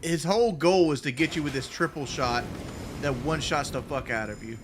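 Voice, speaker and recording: A man's voice: a little high, fairly quick, noisy background. A man from the Southern US with a light Southern accent, rambling and swearing through casual commentary while he plays a game as a streamer. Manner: rambling, profane, full of restarts. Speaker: gaming streamer.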